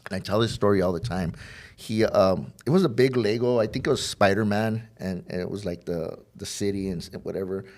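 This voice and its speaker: A man's voice: fairly low pitch, a little fast, darkish tone. A man sharing his recovery story as a podcast guest, talking candidly with many fillers and restarts, and acting out the dialogue as he tells it. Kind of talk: heartfelt personal storytelling.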